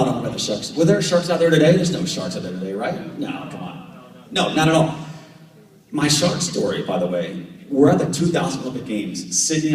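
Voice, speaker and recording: An American man in his thirties, a professional triathlete giving a guest talk to a club. He tells animated stories and acts out conversations, with many fillers. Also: medium pitch. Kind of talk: storytelling talk to a club audience. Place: club meeting room with audience. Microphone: camera at the back of the room. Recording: echoey hall from far off.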